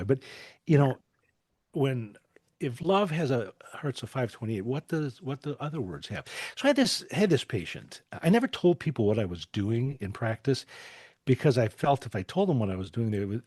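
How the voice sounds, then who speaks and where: A man's voice: mid-range voice, darkish tone, breathy edge, no room sound, clean studio sound. A man in his forties, a podcast guest telling long anecdotes, repeating words as he thinks and laughing often. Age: 40s. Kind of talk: storytelling in a podcast interview.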